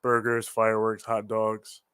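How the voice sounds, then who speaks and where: Animated, swearing man on a dry mic. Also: lowish voice, measured pace, smooth, no echo. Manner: animated, swears freely, rambling, laughs often. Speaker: co-host of a wrestling reaction show. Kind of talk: casual live-stream chat.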